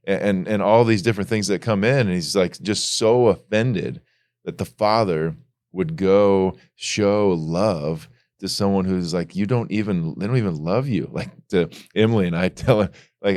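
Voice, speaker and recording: A middle-aged man co-hosting a casual faith podcast, telling stories in a loose, animated way. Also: fairly low pitch, normal speed, no room sound, studio quality. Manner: storytelling, animated when retelling. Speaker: podcast co-host.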